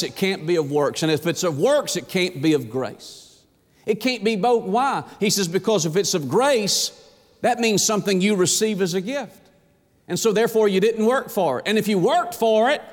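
High-voiced man preaching in a reverberant hall. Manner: emphatic, asks rhetorical questions, quotes scripture. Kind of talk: sermon.

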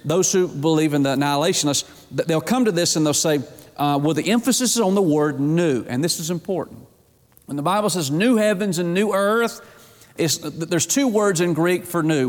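Preacher in a reverberant hall, call-and-response. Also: male voice, fairly high pitch. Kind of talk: sermon.

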